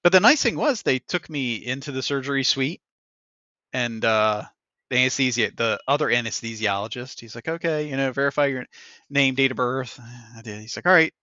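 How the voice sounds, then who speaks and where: A male podcast host tells stories in an easy, chatty way and acts out the voices of the people in them. His voice has a bright, forceful edge. The sound is dry and somewhat dull, like a lo-fi recording. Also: medium pitch, normal speed, dry recording. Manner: animated storyteller acting out others' lines with laughs. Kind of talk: casual chat, storytelling.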